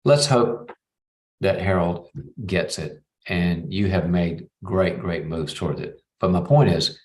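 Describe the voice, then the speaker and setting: A man's voice: deep voice, slow. A middle-aged man hosting a live advice show, coaching callers and acting out both sides of a conversation. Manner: warm coaching, acts out both sides of a talk. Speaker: psychologist host.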